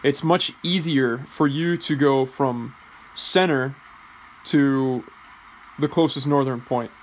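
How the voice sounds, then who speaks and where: A man who is an actor, explaining drama school training in a deliberate, measured way, often restarting words. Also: medium pitch, a little hiss or hum, poor audio. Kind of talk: explanatory talk.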